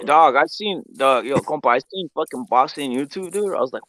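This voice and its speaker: This man talks quickly and with a lot of swing in his voice. He rants with profanity in a loose group chat. His voice sits high for a man and sounds dry and close. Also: dry recording. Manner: profane, animated ranting. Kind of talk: casual chat.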